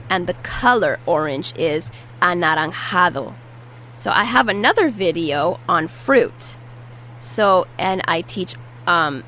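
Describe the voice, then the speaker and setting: A woman's voice: fairly low pitch, a bit bright, slight background noise, rough recording. A woman teaching a language lesson, patiently repeating each word and explaining how to pronounce it. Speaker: Spanish teacher. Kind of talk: vocabulary lesson with repetition drills.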